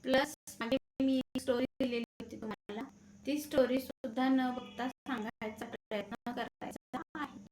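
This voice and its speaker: Woman teacher, first language marathi, very fast, high voice, faint background noise. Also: fairly even intonation, a little mellow. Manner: brisk, directive teacher talk. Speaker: English teacher. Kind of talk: classroom instruction.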